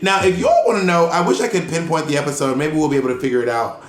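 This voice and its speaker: A man's voice: fairly high pitch, very animated, fast. A man from Corinth, Mississippi, co-hosting a podcast in playful, teasing chat, recorded in a roomy space. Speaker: podcast co-host. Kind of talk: casual chat.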